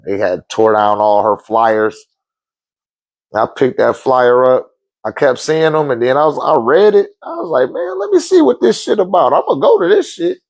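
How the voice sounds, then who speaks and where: A man in his forties or older telling a story casually, swearing often, laughing, and acting out quotes in sudden high outbursts. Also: no room sound. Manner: profane, animated, laughs often. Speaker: podcast host telling a story.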